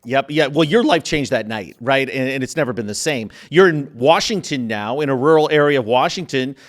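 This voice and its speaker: Lively man hosting an interview. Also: medium pitch, brisk. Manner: lively, joking, leading questions. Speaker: host. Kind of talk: casual interview.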